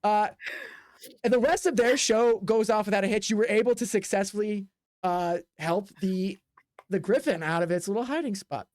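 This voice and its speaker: A woman's voice: mid-range voice, moderate pace, a little mellow, no echo, studio quality. A woman narrating as game master of a tabletop game, rambling with many fillers and sound effects. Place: home desk.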